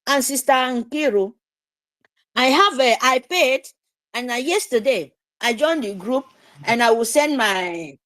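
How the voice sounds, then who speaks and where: High-pitched woman, lively swooping delivery, fervent, emphatic, dry close sound. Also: a little slow, no room sound, poor audio. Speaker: speaker at an online activist meeting. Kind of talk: impassioned rally speech.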